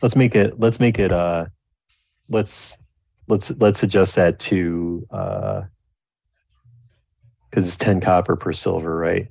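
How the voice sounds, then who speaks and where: A man's voice: deep voice, steady tone, takes it slowly, gravelly, pauses often, a little mellow, no echo. A man narrating as game master of a tabletop game, rambling with many restarts. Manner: rambling, full of restarts and fillers, slips into character voices. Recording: dull, lo-fi dry recording.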